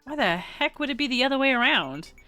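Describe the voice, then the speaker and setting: A woman voicing a brash, teasing teenage girl pitcher in a video game. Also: big pitch swings, brisk, sharp tone, soft background music, exaggerated voice.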